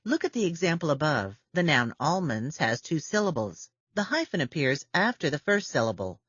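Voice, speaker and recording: A man giving a lecture on punctuation, reading example sentences in a clear, deliberate way. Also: fairly high pitch, big pitch swings, fairly bright tone, dry recording, studio quality.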